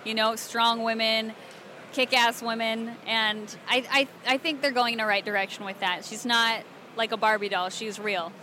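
A young woman from Alabama, a cosplayer and voice actress, chatting excitedly and giggling through a convention interview. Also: on the high side, moderate pace, a little hiss or hum. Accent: Southern American. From Alabama, USA. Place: convention floor.

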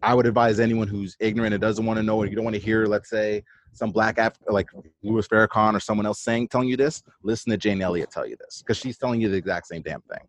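A man's voice: on the low side, steady tone, fast, no echo. A man speaking as a podcast guest over a remote call, emphatic and casual, swearing freely. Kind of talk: casual conversation.

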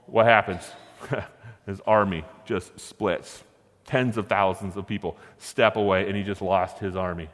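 A man preaching a sermon, retelling a story in a lively, conversational way with chuckling asides. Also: fairly low pitch, moderate pace. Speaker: pastor. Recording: echoey hall.

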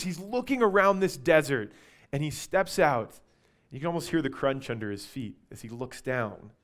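A male preacher delivering a sermon in a mid-pitched voice. He reads scripture with dramatic swings in loudness, rising for the big lines and falling to a near hush for the quiet ones. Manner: dramatic scripture reading, swings between loud and hushed.

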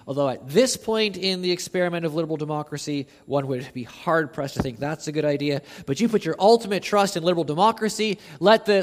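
A man delivers an expository sermon. His fairly high voice swells into loud, emphatic declarations, then drops to slow, hushed passages. He repeats words as he builds his points, and a long hall reverb trails every phrase. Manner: impassioned, rising to near shouts on quoted verses, then dropping low and slow. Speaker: preacher.

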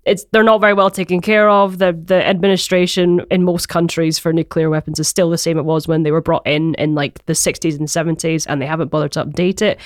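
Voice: medium pitch, dry recording, studio quality. A Glaswegian songwriter from Scotland, chatting as a podcast guest in a rambling, hesitant way with many ums and laughs. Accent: Glaswegian Scottish. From Glasgow, Scotland. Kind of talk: casual podcast chat. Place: podcast recording.

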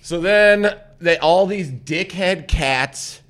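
A man's voice: high voice, slow, fairly bright tone. Rambling, profane male podcast host. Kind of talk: casual chat.

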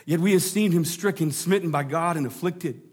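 A man preaching a sermon, dropping into low hushes and rising into emphatic lines, with jokey asides to the congregation. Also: normal speed, slightly rough. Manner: dramatic drops to a low hush, then rising emphasis. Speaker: pastor.

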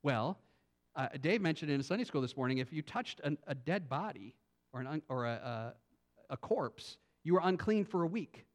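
A male pastor preaching a sermon, animated, swinging from quiet thinking-aloud asides to loud emphatic lines. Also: a little high, normal speed. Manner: repeats words and restarts as he thinks aloud.

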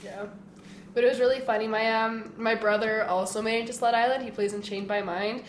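A woman's voice: a little high, a little fast, a little hiss or hum. A nineteen-year-old woman, a punk band member telling stories in a casual podcast chat, laughing often. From Canada. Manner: chatty, animated storyteller, laughs often. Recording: echoey room.

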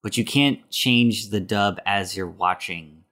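A man's voice: on the low side, measured pace, fairly bright tone. A man hosting a casual podcast, recapping a film plot in a rambling way with many fillers. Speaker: podcast host.

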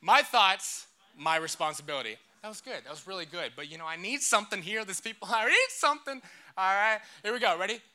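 Bright-voiced young man preaching. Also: high-pitched, expressive, quick pace. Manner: joking, talkative, audience call-and-response. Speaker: church speaker. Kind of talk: casual sermon.

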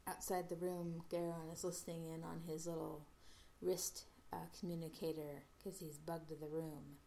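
A woman casually retelling an episode's plot as a podcast host, halting often with fillers and restarts. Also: low voice, flat delivery, dark tone, slight background noise.

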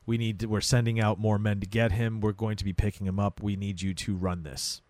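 Man, low voice, dry close mic; casual co-host recapping scenes. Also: flat delivery, a little fast, darkish tone, no room sound. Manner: chatty, retells scenes with quoted lines. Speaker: podcast co-host.

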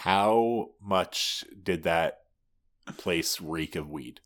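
A man co-hosting a casual podcast drops in dry, brief remarks and theories. His voice sits fairly low for a man. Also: drawn-out words, fairly bright tone. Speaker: podcast co-host. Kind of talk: casual chat.

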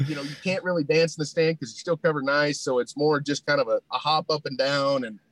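A man telling a long humorous hunting story in a folksy, animated way, full of "you know" fillers. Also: fairly high pitch, fast talker, no room sound, rough recording. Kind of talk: casual storytelling.

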